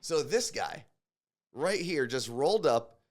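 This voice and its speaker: A man's voice: fairly high pitch, very animated, slow pace. A man co-hosting a morning show, chatting casually and with strong opinions, often repeating words as he thinks. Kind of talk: casual radio show banter.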